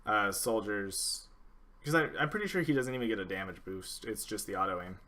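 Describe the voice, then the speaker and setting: A young man with a lowish, bright, forward voice hosts a laid-back gaming podcast. He rambles and restarts his sentences, filling pauses with ums, and he has the hiccups throughout. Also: expressive. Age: young adult. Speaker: podcast host. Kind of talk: casual gaming podcast chat.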